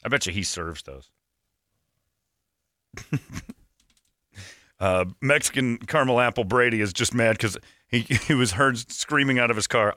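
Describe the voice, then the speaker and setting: A man's voice: medium pitch, measured pace, pauses often, pushed and bright, no room sound, studio quality. A man hosting a morning radio show, joking sarcastically with his co-host and reading sponsor plugs. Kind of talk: casual morning radio banter. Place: radio studio.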